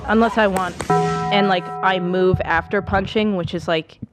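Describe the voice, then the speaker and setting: A woman's voice: mid-range voice, steady tone, measured pace, over music. A woman answering interview questions casually, with many fillers. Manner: casual, uses many likes. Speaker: interview guest.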